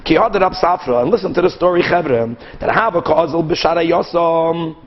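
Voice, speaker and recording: A high-voiced male rabbi gives an animated Talmud class lecture, acting out both sides of cases in quick back-and-forth. The recording sounds muffled.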